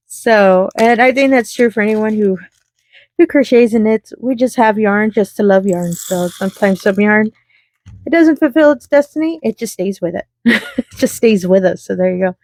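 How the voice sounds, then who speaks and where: Giggly woman chatting to her craft channel viewers, middle pitch, dry close sound. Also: a little mellow, no room sound. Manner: chatty, giggly, talks to viewers while sorting beads. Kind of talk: casual crafting chat.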